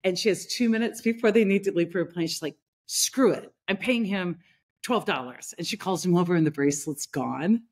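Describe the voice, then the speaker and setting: Animated storytelling woman, lowish voice. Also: fast, hardly any pauses, breathy edge. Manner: animated, acts out quoted people in her stories. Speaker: leadership consultant and host. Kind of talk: conversational podcast storytelling.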